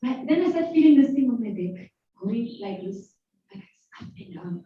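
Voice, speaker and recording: A woman's voice: fairly high pitch, normal speed, slight background noise. Give me a playful South African woman in her forties hosting a talk, heard from a distance with a dull, muffled sound. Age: 40s. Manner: animated, playful, acts out voices of others. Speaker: host. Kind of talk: storytelling talk to a live audience. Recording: very echoey hall from far off, dull sound.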